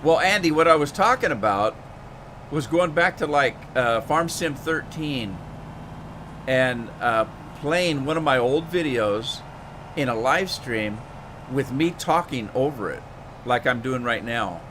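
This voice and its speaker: A man's voice: mid-range voice, expressive, unhurried, noisy background. A man casually chatting with his live stream viewers while playing a farming game, rambling with lots of fillers and asides to chat. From Pacific Northwest of the United States.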